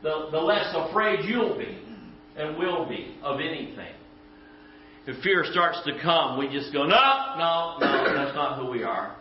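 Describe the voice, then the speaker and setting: A man preaching a conversational sermon in a church, folksy and emphatic, with quick asides. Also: fairly high pitch, lively intonation, a little hiss or hum. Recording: echoey church room, dull lo-fi sound.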